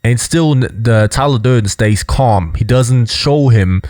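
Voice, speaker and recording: A man's voice: medium pitch, measured pace, darkish tone, no echo, clean studio sound. A young man giving casual, explanatory commentary on body language, peppering his points with "you know" and "right?".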